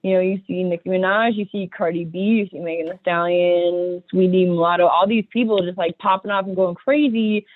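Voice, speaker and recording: A young woman rapper chatting casually as a podcast guest, excitable and profane, laughing often. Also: fairly low pitch, fairly quick, few pauses, no room sound. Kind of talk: casual chat. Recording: dry tinny phone-like audio.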